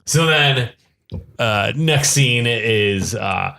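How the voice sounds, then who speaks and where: A man's voice: mid-range voice, expressive, extremely slow, creaky, bright, forceful tone. A man co-hosting a podcast who retells a film scene by scene in casual chat, acting out the characters' lines as he goes. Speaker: podcast co-host. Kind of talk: casual movie review chat. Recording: echoey room with light noise.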